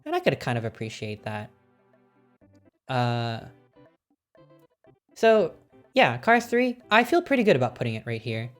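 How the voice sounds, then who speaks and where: A woman streaming casually, ranking films with excited, swear-filled chat and frequent laughter. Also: rumbling low, a little fast, pauses often, soft background music.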